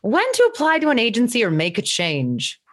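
Lively, blunt woman podcast host. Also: a little high, normal speed. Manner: animated, blunt, ranting and joking. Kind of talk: casual chat.

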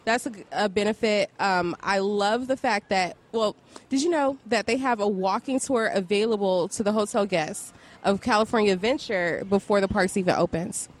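A woman's voice: medium pitch, normal speed. A woman in her thirties or forties, a podcast guest, talking enthusiastically and laughing often in casual chat.

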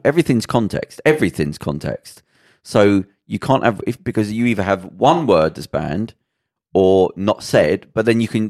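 A man's voice: lowish voice, a little mellow, no room sound, studio quality. A man co-hosting a podcast, chatting casually in a rambling, opinionated way. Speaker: podcast co-host. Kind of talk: casual chat.

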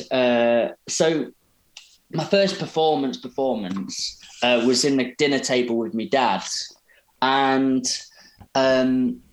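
Animated man telling stories. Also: mid-range voice. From Derby, England. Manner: animated, rambling, self-interrupting. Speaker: podcast guest, poet. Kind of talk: casual storytelling interview. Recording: roomy echo.

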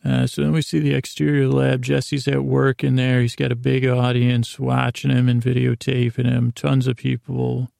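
A man's voice: mid-range voice, vocal fry, mellow, dry recording, clean studio sound. A man casually recapping a TV episode as a podcast host, rambling with many restarts and asides.

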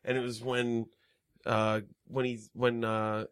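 A man's voice: medium pitch, level tone, slow pace, smooth. A man co-hosting a podcast, casually recapping a movie plot in a rambling, profane way and often correcting himself. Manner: rambling, swearing, backtracking. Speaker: podcast co-host.

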